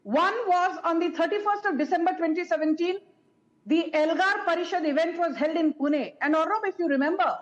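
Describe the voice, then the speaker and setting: A woman speaking as a panelist in a TV debate, deliberate and firm as she lists names. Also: very high voice. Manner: deliberate, listing names firmly. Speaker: political panelist. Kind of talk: TV debate remote guest. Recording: muffled remote line.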